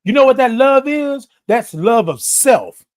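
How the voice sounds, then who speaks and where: A livestream host with a high-sitting, animated voice talks unhurriedly and directly to viewers. The delivery is passionate and emphatic, growing louder with sermon-like repetitions, in an animated live-stream address.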